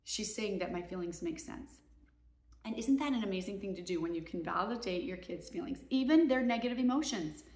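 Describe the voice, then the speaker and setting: A woman's voice: medium pitch, animated, darkish tone, echoey room. A woman, a mother and parenting coach, giving earnest, emphatic advice in a casual talk to camera. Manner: earnest, emphatic, voices kids and parents in quick asides.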